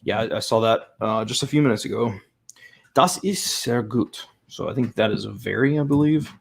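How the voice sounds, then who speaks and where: A man's voice: lowish voice, quick pace, creaky. A man hosting a casual live stream, chatting and thinking aloud as he tries an app and repeats practice phrases. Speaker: language-learning channel host.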